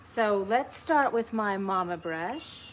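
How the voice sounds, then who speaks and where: A woman's voice: medium pitch, lively intonation, slow. Chatty woman teaching a painting class. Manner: chatty and encouraging, talking while she paints. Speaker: painting instructor. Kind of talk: relaxed step-by-step painting tutorial. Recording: noticeable background noise.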